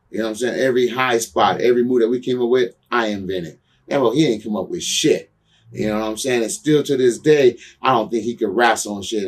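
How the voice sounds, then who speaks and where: Low-voiced guy in a shoot interview, swearing a lot, kinda far from the mic. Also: slightly rough. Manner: profane, blunt, with frequent "you know what I'm saying"; heated when recounting grudges. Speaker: interview guest, former pro wrestler. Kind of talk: candid shoot interview storytelling.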